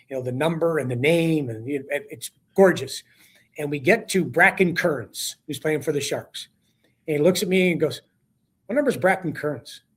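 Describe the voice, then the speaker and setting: A hockey broadcaster appearing as a talk show guest tells a story animatedly, acting out quotes as his voice rises. His voice is a little high and slightly rough.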